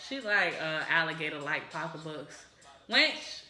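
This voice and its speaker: Woman host, bright and cutting, exuberant rambling comic patter, echoey room. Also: sits low, expressive, measured pace, faint music behind. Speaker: comedy cocktail show host. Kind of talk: casual comedic chat while mixing drinks.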